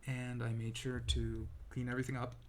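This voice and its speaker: A man's voice: mid-range voice, completely flat delivery, normal speed, a little mellow, a little hiss or hum. A young man telling a personal story to camera in a rambling, self-deprecating way, full of restarts and ums, seated indoors. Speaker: vlogger. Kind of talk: casual storytelling monologue.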